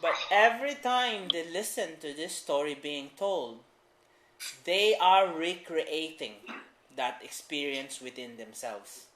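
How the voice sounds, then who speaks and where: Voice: mid-range voice, expressive, takes it slowly, a bit bright, slight background noise. A writing teacher giving a patient class explanation, repeating key points. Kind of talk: classroom instruction. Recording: roomy echo.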